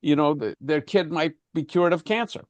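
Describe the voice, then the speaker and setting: A man's voice: on the high side, normal speed, no echo, muffled recording. A man leading an informal class discussion, talking conversationally with frequent restarts and fillers. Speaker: class teacher.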